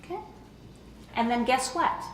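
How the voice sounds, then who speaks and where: A woman's voice: high voice, measured pace, roomy sound, slight background noise. A woman giving an informal talk to a room of caregivers, chatty and often asking "okay?" to check in with the audience. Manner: conversational, checks in with frequent "okay?". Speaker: presenter at a caregiver education talk.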